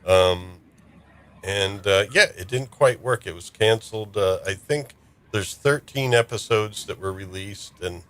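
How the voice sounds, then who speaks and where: Male podcast host, low voice, easygoing filler-heavy chat. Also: measured pace. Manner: relaxed, chatty, frequent fillers. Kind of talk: casual group chat.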